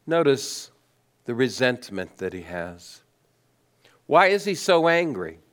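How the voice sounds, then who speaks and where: A man preaching a sermon, asking rhetorical questions and letting his voice swing between high emphasis and low, quiet stress. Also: very animated, slow. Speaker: pastor.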